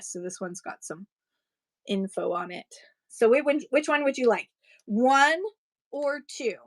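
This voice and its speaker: A woman's voice: a little high, no room sound. Chatty woman with a dry close voice. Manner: chatty, digressive, quick to laugh. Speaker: live-stream seller. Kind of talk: casual chat while selling.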